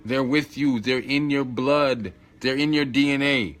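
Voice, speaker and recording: This spiritual teacher has a medium-pitched, fairly bright voice and an unhurried delivery. Talking straight to the listener in a coaching tone, he uses slang, stresses his points, and repeats phrases.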